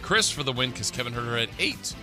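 A man co-hosting a sports radio show, calmly recapping predictions in casual banter. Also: mid-range voice, fast, over music. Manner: steady, recaps predictions methodically. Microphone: studio radio mic.

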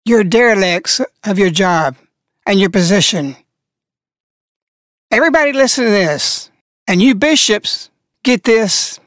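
Woman, radio host, slow and deliberate, scolding sermon-like commentary, dry close sound. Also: mid-range voice, lively intonation, no room sound. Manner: preachy, scolding, emphatic. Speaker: broadcast host.

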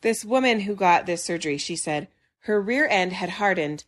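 A young woman chats on a podcast, a lively storyteller who breaks into laughter and acts out what people said. Her voice sits at a middle pitch for a woman. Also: normal speed. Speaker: podcast co-host. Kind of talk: casual chat.

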